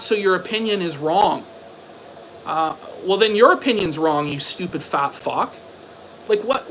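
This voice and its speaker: A man with a notably high voice delivers an angry livestream rant, profane and sarcastic. He repeats himself and throws out rhetorical questions in a combative way. A faint background hiss sits under the voice. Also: fairly bright tone, poor audio. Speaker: livestream commentator. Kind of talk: ranting stream commentary.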